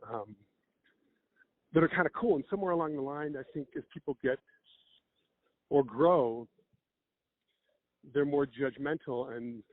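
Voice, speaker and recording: Husky man telling improv stories. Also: medium pitch, no room sound. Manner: animated storyteller with quick acted-out quotes. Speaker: guest, improv comedian and teacher. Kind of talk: casual storytelling chat. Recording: dry, phone-like narrow sound.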